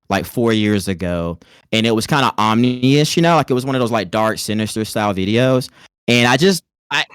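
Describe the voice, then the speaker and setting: A man's voice: mid-range voice, fairly bright tone, clean tone, no room sound, clean studio sound. A man from North Carolina with a light Southern twang, chatting in a laid-back way as a podcast guest. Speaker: podcast guest, content creator. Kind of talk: casual interview chat.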